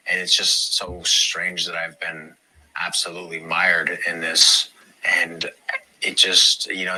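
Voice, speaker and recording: A man's voice: sits low, bright, forceful tone, rough recording. A man in an interview clip, talking in a hesitant, rambling way with many fillers and restarts. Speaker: reality TV cast member.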